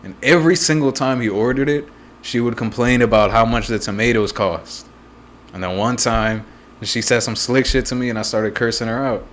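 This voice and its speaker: A man's voice: medium pitch, normal speed, a bit bright, a little hiss or hum. A young man on a podcast, telling a story with lots of laughing and swearing. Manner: laughs often, swears freely. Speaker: podcast co-host. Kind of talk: casual chat.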